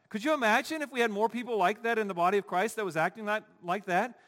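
A man preaching a sermon as pastor, emphatic, swinging from quiet asides to loud declarations. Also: sits high, quick pace, few pauses, big-room sound.

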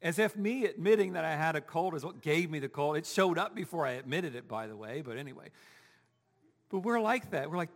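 A man's voice: on the high side, lively intonation, fairly quick, fairly bright tone, big-room sound. A man preaching a sermon as pastor, talking conversationally and asking the congregation rhetorical questions. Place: church sanctuary.

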